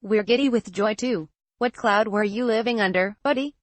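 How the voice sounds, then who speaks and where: A woman's voice: a little high, normal speed, dry recording. Woman reading a memoir excerpt, dry sound. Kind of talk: steady read-aloud narration.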